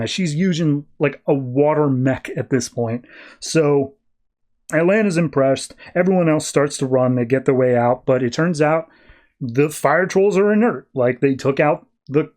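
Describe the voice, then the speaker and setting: Man recapping comics with quick voice bits. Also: on the high side, a little mellow. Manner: casual recap, acting out characters' lines in quick put-on voices. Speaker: podcast co-host recapping comics. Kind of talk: casual chat.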